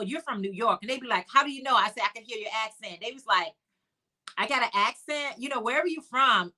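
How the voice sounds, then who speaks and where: Woman, Chicago accent, livestream host; bright, chatty, upbeat delivery reading viewer comments. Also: medium pitch. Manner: chatty and upbeat, greets viewers by name, calls them honey.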